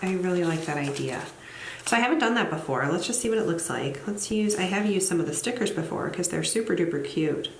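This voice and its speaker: A woman's voice: on the low side, expressive, a little fast, roomy sound. A woman who teaches, chatting casually as she plans her week, thinking aloud and making light asides about herself. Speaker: planner vlogger. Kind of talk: casual plan-with-me narration while decorating.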